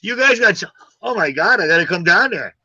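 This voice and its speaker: Brash high-voiced American man ribbing his guest. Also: expressive, brisk, breathy edge, no echo, lo-fi sound. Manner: loud, joking, profane banter. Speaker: live stream host. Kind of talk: casual live stream chat.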